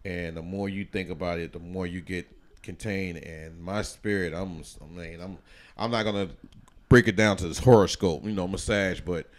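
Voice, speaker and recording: A man's voice: low-pitched, steady tone, normal speed. A man in his late thirties, a podcast guest, talking in an easygoing, laid-back way and drifting into musing. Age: 30s. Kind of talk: casual conversation.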